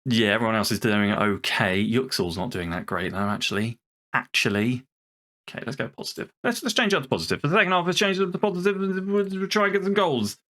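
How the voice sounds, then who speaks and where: A man's voice: medium pitch, big pitch swings, quick pace, few pauses, fairly bright tone. A young man commenting casually on a football management game he plays, frustrated and swearing, talking to himself and his players. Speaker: video game streamer.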